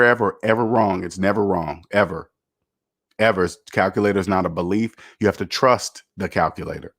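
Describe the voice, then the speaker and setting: Male livestream host, lowish voice, preachy and emphatic, hammers his points home. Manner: emphatic, repetitive, lecturing. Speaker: personal finance YouTuber. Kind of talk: casual livestream commentary.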